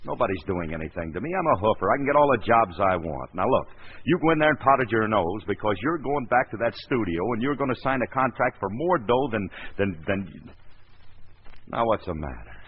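Slangy young hoofer, bouncy lively delivery, dull old radio sound, as a man plays him. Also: lowish voice, fairly quick, slight background noise, lightly acted. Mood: insistent. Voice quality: slangy, wisecracking. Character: brash wisecracking young male dancer. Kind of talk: 1930s radio acting.

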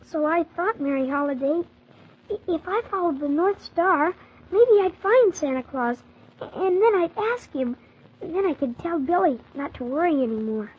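Brief: earnest little boy, played by a woman, high voice, storybook narration, lo-fi. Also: animated, normal speed. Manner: earnest, polite. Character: polite young orphan boy narrating. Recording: dull lo-fi old recording.

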